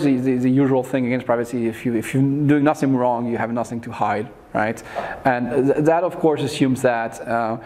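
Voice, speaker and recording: A man of medium pitch explaining an idea to a meetup crowd. He thinks aloud, restarting sentences and filling pauses with "uh" and "you know" as he builds his argument. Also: darkish tone. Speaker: founder answering audience questions. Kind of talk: unscripted meetup talk.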